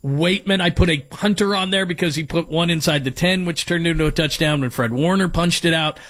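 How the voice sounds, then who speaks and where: A man's voice: fairly high pitch, brisk, a bit bright. A man hosting sports talk radio, giving strong opinions as he runs through names and stats.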